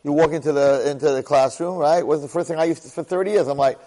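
This time the Torah lecturer sounds a little high, fast and warm, again in a large hall on a low-quality recording. The middle-aged teacher stays emphatic, poses rhetorical questions, and frequently starts his sentences over.

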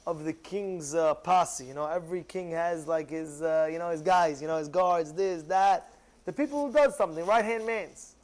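A rabbi giving an animated, emphatic sermon full of rhetorical questions, speaking English with non-native phrasing. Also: male voice, sits high, low-quality recording. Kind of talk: sermon to a congregation.

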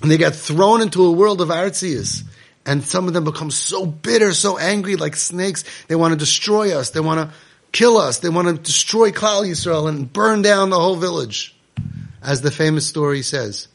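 A man's voice: a little high, normal speed. A man preaches a Torah talk to parents with impassioned, emphatic delivery and repeats phrases for weight. His voice sits a little above most men's. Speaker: parenting guide and speaker.

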